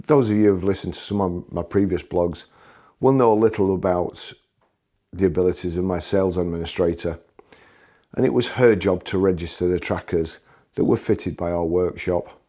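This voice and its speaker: Deep-voiced man telling wry stories. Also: normal speed, mellow. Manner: wry, conversational, occasional restarts. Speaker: memoir storyteller. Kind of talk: anecdotal storytelling.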